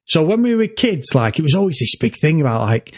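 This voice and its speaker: A man's voice: on the high side, big pitch swings, a little fast, husky. A man co-hosting a podcast, telling a family story in casual chat, laughing often and swearing freely. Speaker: podcast co-host.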